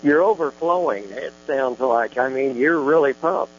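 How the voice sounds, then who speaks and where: A man who pastors and hosts a religious radio talk show, speaking in a steady, encouraging, conversational way. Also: mid-range voice, measured pace, slightly rough. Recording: dull lo-fi radio sound with faint hum.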